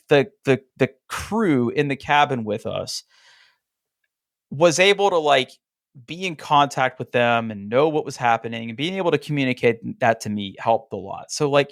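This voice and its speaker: A man co-hosting a relaxed podcast, telling an animated story in a medium-pitched voice. He fills his sentences with casual fillers and acts out the dialogue of the people in his story. The recording is dry and close, with no room sound. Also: dry recording. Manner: frequent "like" fillers and restarts. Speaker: podcast co-host. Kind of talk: casual chat.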